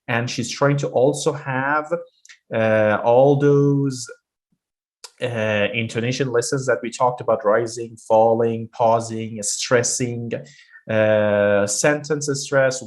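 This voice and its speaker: A man teaching a pronunciation lesson, explaining step by step with frequent hesitations. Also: medium pitch. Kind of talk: online lesson.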